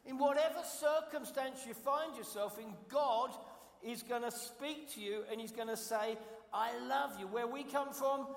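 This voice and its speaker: A man's voice: extremely high pitch, a little slow. A man from London with a London accent, preaching a sermon as guest pastor, emphatic and repetitive, asking the congregation questions. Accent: London English. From London, England. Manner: emphatic, repeats key phrases, asks the congregation questions. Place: church sanctuary. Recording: echoey hall, long reverb.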